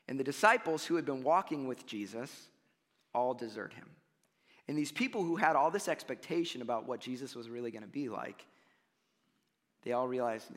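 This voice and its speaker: A man preaching a sermon, animated and conversational, dropping frequent "right?" and "you know" asides. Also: medium pitch, moderate pace. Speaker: pastor. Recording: long hall reverb.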